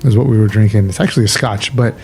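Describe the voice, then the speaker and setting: A man's voice: lowish voice, fast, vocal fry, a little mellow, faint music behind. A man co-hosting a podcast in casual chat, laughing often and rambling with restarts. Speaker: podcast co-host.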